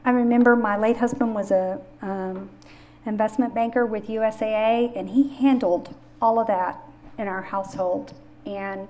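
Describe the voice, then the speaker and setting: Warm-voiced woman sharing her grief story. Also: fairly high pitch. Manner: earnest, personal storytelling. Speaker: podcast host. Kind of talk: faith-based talk on grief.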